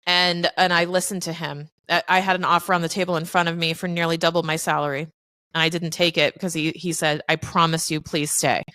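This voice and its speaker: A woman's voice: lowish voice, level tone, brisk, sharp tone. A woman guest on a podcast, telling her story in a frank, candid way, swearing freely and acting out quoted voices. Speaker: podcast guest, accountant and business owner. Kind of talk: casual storytelling interview.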